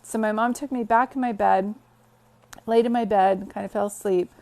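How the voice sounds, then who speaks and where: A woman's voice: medium pitch, steady tone, moderate pace, darkish tone. A woman hosting a casual phone livestream from her bed, greeting viewers and telling stories in a chatty way. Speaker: psychic medium livestream host. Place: bedroom, sitting on bed.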